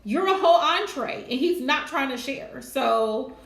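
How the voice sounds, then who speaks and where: A woman's voice: high-pitched, animated, unhurried, vocal fry, a bit bright, echoey room. A woman doing a live tarot reading, chatty and casual, laughing often. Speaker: tarot reader.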